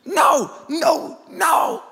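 A man voicing a group of exasperated young brothers who shout in protest. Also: very high voice, lively intonation, very slow, creaky, big-room sound, voice pushed up, exaggerated voice. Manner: shouting in disbelief.

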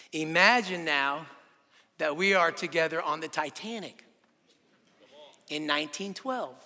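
A man preaches with bright, ringing energy, building his point through stories and rhetorical questions. His voice sits high for a man, and it carries a long reverb from a large hall. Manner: animated storytelling with rhetorical questions. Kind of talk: sermon.

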